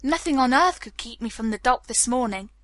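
A tired, disillusioned older man keeps a ramshackle hotel, as a woman reading puts him on. His speech is clipped and polite, turning sharp and high-pitched when he is offended. The tone is bright and the recording dry. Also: lively intonation, a little fast, no room sound. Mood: weary, polite. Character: world-weary older man, a genteel hotel keeper.

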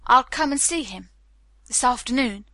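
A woman's voice: on the high side, animated, normal speed, sharp tone, no room sound. A woman reading a guarded, stubborn Englishman. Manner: clipped, guarded refusals. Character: calm, stubborn Englishman under questioning.

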